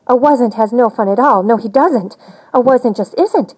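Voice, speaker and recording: A woman reading a rhyming picture book aloud in an animated, sing-song storytelling manner. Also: a little high, normal speed, slightly rough, low-quality recording. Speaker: storybook reader.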